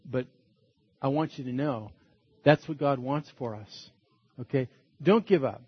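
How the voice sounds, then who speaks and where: A man's voice: mid-range voice, unhurried, husky, highs cut off. A man preaching a sermon as a pastor, earnest and emphatic, repeating his points.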